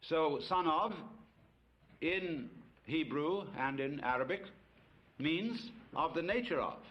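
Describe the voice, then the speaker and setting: A man's voice: a little high, animated, slow, highs cut off. A man giving a public lecture to an audience, telling stories with wry, playful asides.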